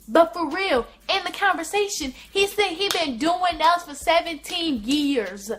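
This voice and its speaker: A woman vlogger telling a casual storytime in an animated, slangy way, repeating phrases for emphasis. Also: very high-pitched, a little slow, hardly any pauses.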